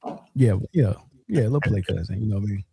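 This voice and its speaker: A man's voice: fairly low pitch, fast, vocal fry, mellow, slightly rough, no echo. A man hosting a sports podcast in casual chat, joking and sometimes stumbling over his words. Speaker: podcast host.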